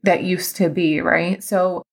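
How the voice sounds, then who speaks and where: A woman in her thirties hosts her own podcast as a coach, telling a story in a casual, emphatic manner. Her voice sits somewhat low with a gravelly fry. She sounds chatty and heartfelt. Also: steady tone, slow.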